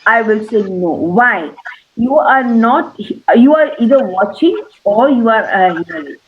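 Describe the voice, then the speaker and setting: A woman's voice: fairly high pitch, lively intonation, unhurried. Indian English woman on a tinny call. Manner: earnest, repeats points, many fillers. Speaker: webinar co-host and English teacher. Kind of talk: online webinar Q&A. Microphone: video call. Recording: tinny phone-like call audio.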